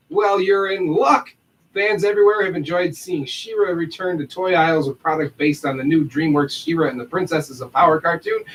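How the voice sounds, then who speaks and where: A man's voice: fairly high pitch, recorded from a distance, poor audio. A man co-hosting a podcast livestream, reading an upbeat announcement and then chatting and laughing loosely. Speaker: podcast co-host.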